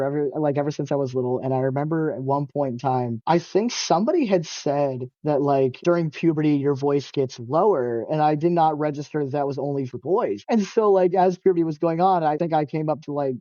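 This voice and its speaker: A man in casual podcast chat, telling lively stories, swearing casually and laughing often, on dull lo-fi audio. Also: a little high, no echo. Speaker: podcast co-host, interviewee.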